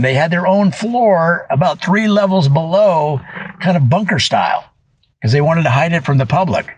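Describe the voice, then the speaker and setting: A man with a fairly high voice gives a deadpan comic monologue, earnest and mock-serious, with small fillers as he talks to the viewers. The sound is close and dry, with no room around it. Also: dry recording, poor audio. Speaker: comedian doing a mock review video.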